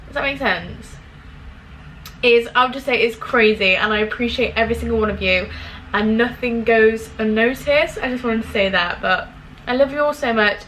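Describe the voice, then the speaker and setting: A woman's voice: a little high, slight background noise, rough recording. A young woman vlogging in a casual chat, effusive and full of "like" fillers. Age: young adult. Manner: chatty, full of "like" fillers, warm and effusive toward viewers.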